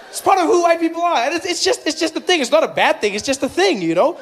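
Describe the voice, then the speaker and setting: Animated South African stand-up comedian. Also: male voice, extremely high pitch, quick pace. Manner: animated, playful, acts out characters.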